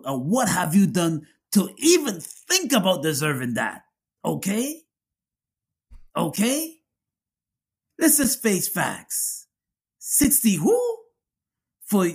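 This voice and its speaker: A man with a husky, slightly raised voice gives emphatic casual commentary. His pitch swings in a lively way, and he hammers a point by repeating the same phrase.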